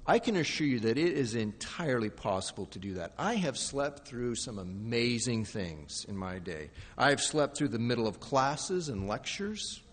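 A man preaching a sermon with dramatic shifts from soft, low passages to loud, pleading outbursts. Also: very animated, moderate pace, hardly any pauses, long reverb tail. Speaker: pastor.

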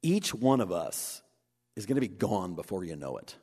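A man preaching a sermon, animated, acting out the voices he quotes. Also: sits low, normal speed, breathy edge. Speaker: pastor. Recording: long hall reverb.

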